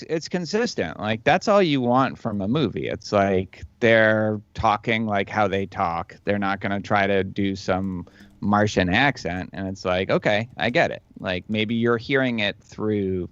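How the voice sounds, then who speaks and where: A man in casual podcast chat, talking loosely with halting restarts. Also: on the low side, lively intonation, dry recording. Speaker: podcast co-host or guest. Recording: dry, dull lo-fi sound.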